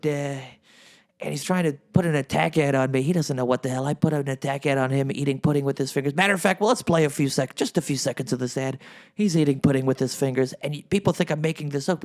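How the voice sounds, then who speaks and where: A man's voice: on the high side, darkish tone, close to an everyday voice. A male comedian doing a rambling, boastful impression of an older former president who says he is losing his voice. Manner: rambling, boastful, repeats phrases.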